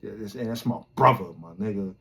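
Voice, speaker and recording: A man from Brooklyn, a podcast host telling a rambling, animated, slang-heavy story full of swearing. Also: fairly low pitch, brisk. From Brooklyn, New York. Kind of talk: casual storytelling.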